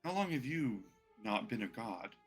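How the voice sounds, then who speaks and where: A man's voice: on the low side, sing-song, normal speed, breathy edge, faint music behind. A man voicing a vain, pampered godlike male ruler who speaks with grand, offhand condescension. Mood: condescending. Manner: grandly self-satisfied, offhand and dismissive.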